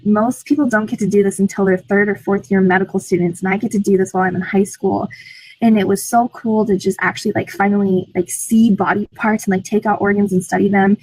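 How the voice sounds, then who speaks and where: A woman's voice: medium pitch, breathy edge, no echo, low-quality recording. A teenage girl eagerly recounting her experiences in an interview, using lots of "like" fillers. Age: teens. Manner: enthusiastic, frequent "like" fillers. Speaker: program alumna. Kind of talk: interview answers.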